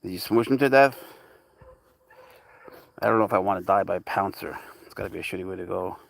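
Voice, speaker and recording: Gravelly, chatty man narrating his cat. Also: brisk, no echo. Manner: chatty, rambling asides, coos at his cat in a high voice. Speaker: cat owner and channel host. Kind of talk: casual livestream chat to viewers.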